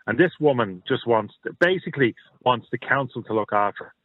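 A man's voice: mid-range voice, expressive, a little fast, dry recording. A middle-aged man, telling blunt stories and opinions as a caller on a radio show. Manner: blunt, storytelling, repeats himself. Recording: tinny phone line.

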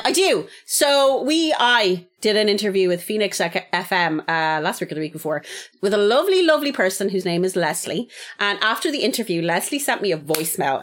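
An Irish woman co-hosting a podcast, chatting casually, swearing freely and acting out quotes in silly voices. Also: medium pitch. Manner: swears a lot, acts out quotes in funny voices. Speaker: podcast co-host. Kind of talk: casual chat.

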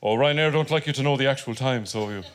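A man's voice: medium pitch, quick pace, smooth, natural voice. A man playing a bumbling, self-important politician in a live comedy sketch, hesitant and full of uh's. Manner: hesitant, lots of uh.

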